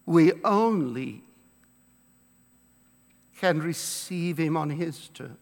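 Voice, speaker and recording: A pastor preaching a sermon to his congregation, emphatic, slowing down to stress key words. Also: fairly high pitch, lively intonation, gravelly. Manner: emphatic preaching with slow, drawn-out stresses and quoted scripture. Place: church. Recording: long reverb of a church hall.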